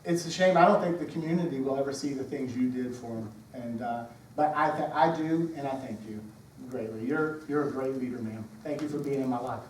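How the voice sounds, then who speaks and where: A Southern man from Georgia, probably in his forties, giving a heartfelt, halting retirement speech full of fillers and restarts. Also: medium pitch, slight background noise. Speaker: retiring Air Force senior master sergeant. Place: ceremony room. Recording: echoey room, speaker far from mic.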